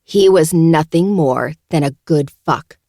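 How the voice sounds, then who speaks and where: A woman's voice: low-pitched, normal speed, a little mellow, no echo, clean studio sound, natural voice. A woman voicing a venomous, cornered young woman who seethes, screeches and pleads. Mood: seething.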